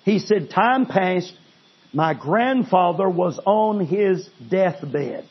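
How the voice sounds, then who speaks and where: A man preaching a sermon, telling a story dramatically and swinging between loud intensity and hushed pleading. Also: sits high, husky, lo-fi sound.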